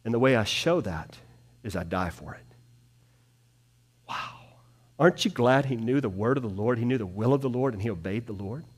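A man preaching a sermon to a small congregation in a room, swinging between hushed and loud delivery. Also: medium pitch, lively intonation, moderate pace, pauses often, breathy edge. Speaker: pastor.

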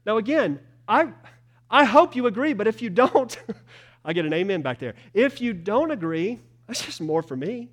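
A male pastor, preaching a sermon in a church with emphatic swings between loud declarations and hushed lines. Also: high-pitched, big pitch swings, moderate pace. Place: church sanctuary.

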